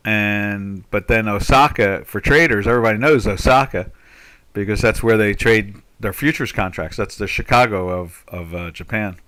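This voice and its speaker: A man's voice: lowish voice, moderate pace, sharp tone. An older man from the United States hosting a live trading webinar, rambling through market commentary with lots of fillers and restarts. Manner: rambling, full of "you know" fillers and restarts.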